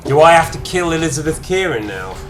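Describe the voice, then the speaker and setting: A man giving excitable, chatty let's-play commentary while gaming, addressing viewers. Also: fairly high pitch, quick pace. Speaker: gamer streamer. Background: game music.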